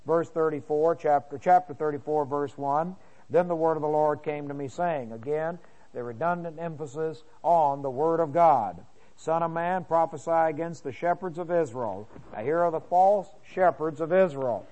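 A man's voice: fairly high pitch, normal speed, warm tone, low-quality recording. A man as pastor teaching a sermon verse by verse, reading scripture aloud and breaking in with comments, with many fillers and restarts.

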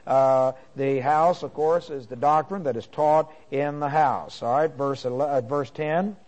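A man teaching from a psalm. He reads each verse slowly and then explains it in plain talk, with many pauses and fillers. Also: fairly high pitch, a little mellow, rough recording. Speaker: Bible teacher. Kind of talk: sermon.

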